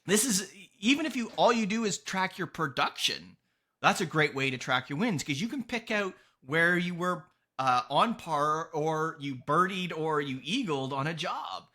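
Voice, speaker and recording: A man's voice: fairly high pitch, lively intonation, normal speed, pushed and bright. A man hosting a podcast, giving earnest, emphatic motivational advice in a casual tone and swearing now and then. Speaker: podcast host and coach.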